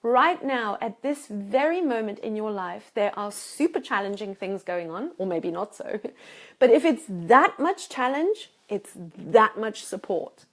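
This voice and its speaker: A woman's voice: medium pitch, animated, unhurried. Emphatic woman coaching to camera. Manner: emphatic, repeats words for stress; acts out anxious inner voices. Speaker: life coach. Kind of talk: motivational talk to camera. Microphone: self-filmed camera.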